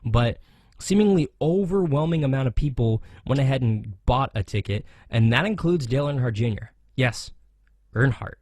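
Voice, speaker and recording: An American man at mid pitch delivers opinionated racing commentary as a show host. He gets animated and sarcastic, leaning into his points. The sound is dry and close, with no room echo. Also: normal speed. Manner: animated, sarcastic, mocks others in jokey voices.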